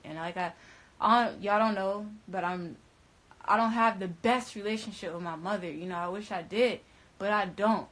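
A young woman telling a story to her viewers in casual, slangy, profane speech, swinging between loud, high outbursts and low, quiet stretches. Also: normal speed, low-quality recording. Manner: emphatic, slangy and profane, with frequent restarts. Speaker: storyteller recounting events.

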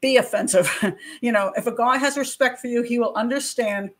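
A slightly high, fairly quick female voice belongs to an older woman who profiles criminals and hosts a channel. Her true-crime commentary is direct and opinionated, aimed right at viewers and sprinkled with casual asides and rhetorical questions.

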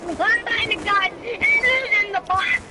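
A woman gaming with a friend in casual chat, excitedly shouting quick callouts. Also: extremely high pitch, over a noisy crowd, very noisy. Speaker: gamer.

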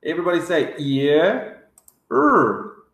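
Guy teacher drilling kids on words, super slow, bouncy pitch, echoey room. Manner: slow, exaggerated word drills with excited gasps. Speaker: English teacher for young children. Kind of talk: vocabulary lesson for kids.

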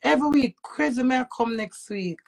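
A Jamaican woman delivering a preachy rant straight to her viewers. Her voice sits fairly high but carries a gravelly, fried edge, jumping from loud bursts down to low mutters. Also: animated, normal speed. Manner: emphatic, preachy, swings between loud outbursts and low muttering. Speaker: social media personality. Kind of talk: ranting monologue to camera.

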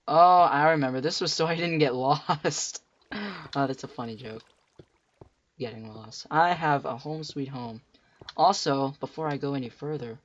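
A man hosting a video game playthrough, giving chatty commentary and yelping at enemies, with a cracking voice. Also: medium pitch. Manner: chatty, jumpy, yelps at enemies. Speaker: let's play host. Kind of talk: gameplay commentary. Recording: muffled lo-fi mic.

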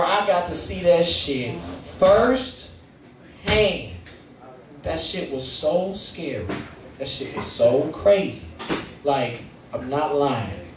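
A young man with a St. performs animated, profane stand-up, his voice high and swinging widely. He sounds distant from the mic in a big, echoing room. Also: a little hiss or hum. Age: young adult. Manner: animated, profane, acts out scenes. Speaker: stand-up comedian. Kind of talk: stand-up comedy storytelling. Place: comedy stage in a live venue.

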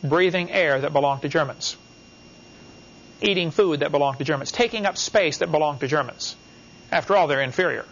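A man's voice: on the high side, fairly quick, a bit bright. A man giving a classroom lecture, emphatic, talking in short repeated phrases and asking the class questions. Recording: dull, lo-fi class recording.

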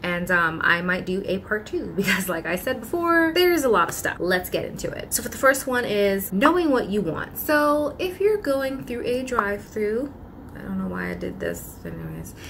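Animated woman venting in a casual vlog. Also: medium pitch, normal speed, background noise. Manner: animated, breaks into mimicked customer voices; exasperated, pleading tone. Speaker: vlogger. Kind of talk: casual vlog talk to camera.

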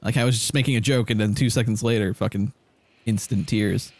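A man's voice: fairly low pitch, steady tone, brisk, darkish tone, no echo. A man giving emotional, sweary let's-play commentary while playing a story game. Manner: emotional, swearing, laughing reactions. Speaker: gaming video host.

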